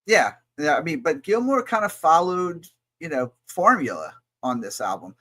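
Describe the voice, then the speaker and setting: A man's voice: on the high side, sing-song, normal speed, bright, forceful tone. A man co-hosting a casual album-review chat show, talking in an enthusiastic, rambling and crude way. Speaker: podcast co-host.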